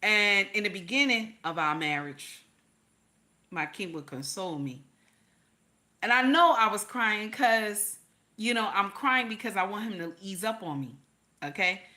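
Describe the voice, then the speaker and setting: A middle-aged woman hosts a reaction video, casual in tone yet stressing points like a preacher, and she keeps turning to address her viewers. Her medium-pitched voice is bright and forceful.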